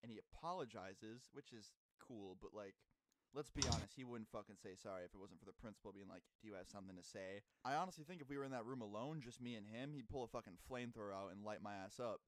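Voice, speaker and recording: A young man in casual vlog storytelling, animated and profane, with sudden loud outbursts while telling a school story. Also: fairly low pitch, fast. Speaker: YouTuber. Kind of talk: casual storytime over gameplay.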